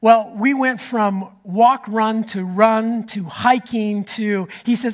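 A middle-aged man preaching a sermon as pastor, telling a story that swings from loud to nearly whispered. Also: sits high, steady tone, slow, hardly any pauses. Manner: storytelling, rising loud then dropping to a near whisper.

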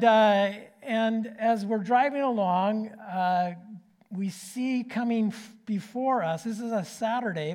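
A man, preaching a sermon with a folksy personal story, swinging between loud and hushed. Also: high-pitched.

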